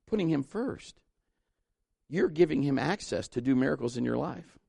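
A pastor delivers a fervent sermon, his man's voice carrying a gravelly edge. He exhorts the congregation and swells to emphatic peaks before leading them in prayer. The sound is close and dry, with no room echo. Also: medium pitch, lively intonation, moderate pace, warm tone. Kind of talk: sermon with altar call prayer.

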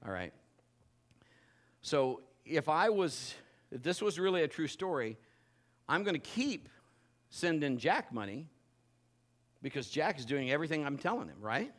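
A man preaches from a church platform in a playful, teasing way, spinning an animated story for his congregation. His voice sits a little higher than most men's. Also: a little slow, long pauses. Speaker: pastor. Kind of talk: sermon with a live demonstration. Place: church stage before a congregation.

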